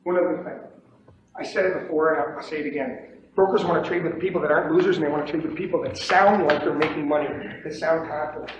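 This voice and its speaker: A man's voice: fairly high pitch, fairly even intonation, fast. A man teaching commodities trading in a seminar lecture, emphatic and repetitive, often checking in with "okay?". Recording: echoey room, distant mic, dull lo-fi, faint hiss.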